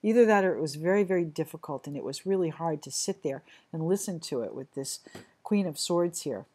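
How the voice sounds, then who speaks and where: Chatty woman reading tarot, somewhat low voice. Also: animated, warm tone. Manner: chatty, halting, apologetic, frequent restarts. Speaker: tarot reader. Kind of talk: casual tarot reading to camera.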